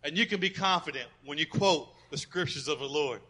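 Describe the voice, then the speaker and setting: A man preaching a fervent sermon as pastor of a church, leading the congregation in loud call-and-response, then dropping to soft, close asides. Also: on the high side, a little fast, husky.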